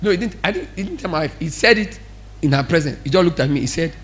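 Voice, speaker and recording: A man preaching a sermon as pastor, animated and acting out what people say. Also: on the high side, fast talker. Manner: animated, acts out quoted speech.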